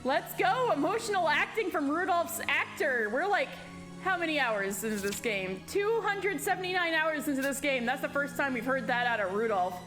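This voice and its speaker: A woman streamer reading a visual novel aloud and reacting with animated, profane, casual commentary. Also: high-pitched, moderate pace. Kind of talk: live game playthrough, reading text aloud and reacting. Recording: game music underneath.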